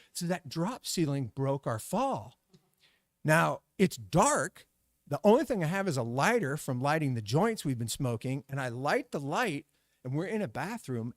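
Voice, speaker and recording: A middle-aged man tells a story on stage, and his voice rises and falls widely as he acts out the voices and sound effects. His voice sits a little high for a man, and the sound is dry and close. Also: no room sound. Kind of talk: live storytelling performance.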